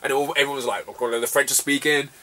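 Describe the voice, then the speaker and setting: A man's voice: mid-range voice, flat delivery, quick pace, sharp tone, far from the mic, a little hiss or hum. A young man from the southwest of England, telling a travel mishap story in casual vlog style, laughing often and swearing freely. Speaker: retro gaming vlogger.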